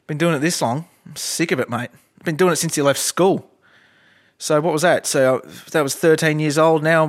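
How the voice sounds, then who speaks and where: A man's voice: fairly high pitch, fairly bright tone. A man with an Australian accent rambling through a comedic podcast monologue, blunt and profane with lots of fillers.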